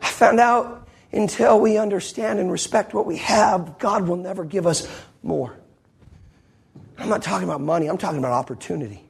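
Husky-voiced man preaching a fervent sermon. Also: a little high. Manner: fervent preaching, many rhetorical questions. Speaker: pastor. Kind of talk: sermon to a congregation. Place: church.

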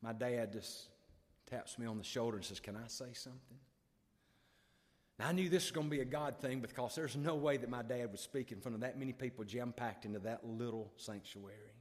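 A male revival preacher, telling a story with emotion and swinging from loud to hushed. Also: medium pitch, a little fast, long reverb tail. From Alabama. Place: church sanctuary.

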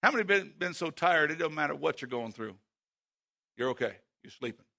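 Male preacher, high voice with a bright edge; booming emphasis that drops to a near hush; quizzes the congregation. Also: expressive, creaky. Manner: swings between loud emphatic calls and hushed, slow passages; asks the congregation direct questions. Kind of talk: sermon.

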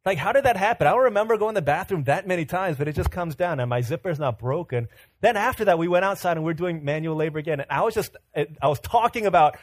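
A pastor giving a sermon, telling humorous self-mocking stories with animation, then turning earnest and quieter as he exhorts. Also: fairly high pitch, animated, fast.

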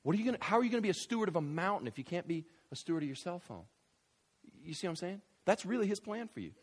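A man in his thirties, a pastor preaching a sermon in an animated, conversational way, with asides and fillers. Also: very fast. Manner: animated preaching with big swings in loudness and pitch. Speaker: visiting pastor.

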